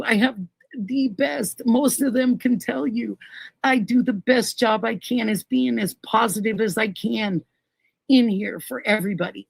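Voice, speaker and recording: A woman's voice: fairly high pitch, vocal fry, husky, no room sound, poor audio. A middle-aged woman hosting a casual livestream, reading viewer comments aloud and gushing thanks to each person by name. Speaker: livestream host.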